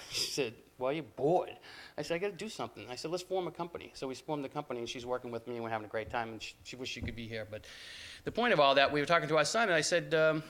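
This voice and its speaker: A man's voice: medium pitch, animated, fast talker, a bit bright. An older man giving a talk to journalism students, telling stories in a conversational way with frequent restarts and asides. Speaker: guest speaker.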